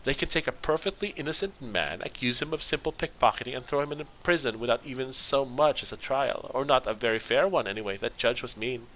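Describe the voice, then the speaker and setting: A man's voice: mid-range voice, fast, few pauses, fairly bright tone, a little hiss or hum, close to an everyday voice, poor audio. A man reading aloud the lines of a boastful male halfling thief who tells a rambling story.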